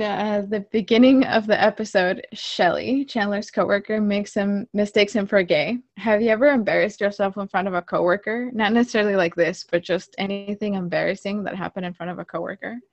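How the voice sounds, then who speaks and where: A woman's voice: medium pitch, dry recording. Chatty woman recapping an episode. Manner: chatty, laughs often, frequent "uh" fillers. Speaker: podcast co-host.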